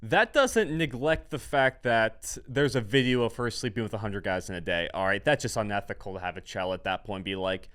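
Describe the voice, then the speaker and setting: A man's voice: fairly low pitch, fairly even intonation, a little fast, few pauses, fairly bright tone, clear, resonant tone. A young man hosting a comedy vlog, ranting in a rambling, mocking way and repeating his catchphrases.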